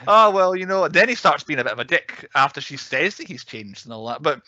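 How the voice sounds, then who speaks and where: A man's voice: medium pitch, very animated, a little fast, sharp tone, no room sound, highs cut off. A young adult man co-hosting a podcast in casual chat, talking at length and laughing often. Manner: chatty, laughs often, acts out quotes. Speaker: podcast co-host.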